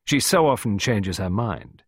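A man voicing a smooth, insolent man in a storybook reading, talking in a brusque, mocking way. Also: on the low side, expressive, measured pace, dry recording, studio quality, exaggerated voice.

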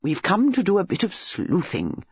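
A woman voicing a brisk, friendly middle-aged country lady who talks in a chatty way. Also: lowish voice, huge pitch swings, breathy edge, no room sound, voice pushed up, exaggerated voice. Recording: slightly dull lo-fi audio.

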